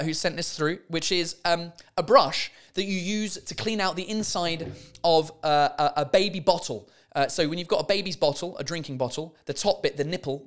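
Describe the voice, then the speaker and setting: A man hosting a comedy podcast, chatting and swearing casually as he laughs his way through mistranslated signs. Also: fairly high pitch. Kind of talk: casual comic monologue.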